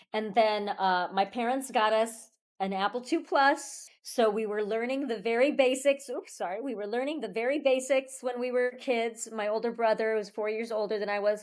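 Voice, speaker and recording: A woman, a voice actor guest, chatting in an animated, expressive way with laughs, sounding tired. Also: medium pitch. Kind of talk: casual interview chat.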